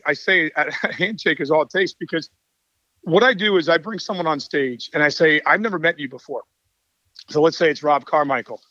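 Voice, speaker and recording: A man's voice: fairly high pitch, no echo, highs cut off. A middle-aged man, a baseball coach and author, talking energetically and telling stories in a casual interview. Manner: energetic, enthusiastic storyteller. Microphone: call mic.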